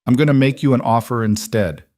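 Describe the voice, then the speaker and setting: A man playing a cold, controlled mafia boss who talks in a calm, matter-of-fact, almost gentle way. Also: mid-range voice, fairly quick, no echo, clean studio sound, pitched above the performer's own voice, close to an everyday voice.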